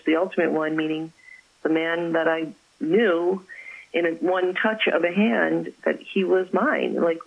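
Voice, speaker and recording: A woman, an author, chatting as an interview guest and telling stories about her faith with effusive warmth. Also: lowish voice, vocal fry, husky, dull audio. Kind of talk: casual interview chat.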